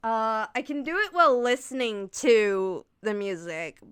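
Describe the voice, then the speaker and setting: A woman livestreaming in casual chat, answering viewers' questions and gushing like an excitable fangirl. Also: fairly high pitch, unhurried, clear, resonant tone, no room sound.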